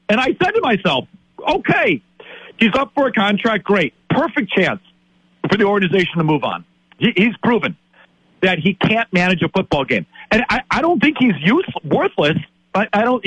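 A husky, high-pitched man in his late fifties, from Wisconsin, venting hard about football as a talk host. His voice swings widely as he stumbles through repeated words. The sound is dry and close to the mic. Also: fairly bright tone, no echo, rough recording. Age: 50s. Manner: exasperated ranting, lots of repeated words. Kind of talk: heated sports talk.

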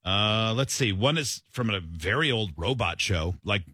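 A sarcastic man chatting on a casual show, his husky voice bright and lively as it rises and falls. He sounds close and dry, with no room around him. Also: on the low side, measured pace, no echo. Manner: dry, sarcastic quiz-master. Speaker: podcast co-host. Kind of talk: casual chat.

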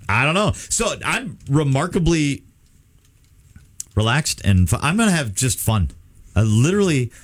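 A man co-hosting a radio show, chatting casually and telling rambling, animated stories. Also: lowish voice, breathy edge, no echo. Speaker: radio co-host. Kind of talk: casual chat.

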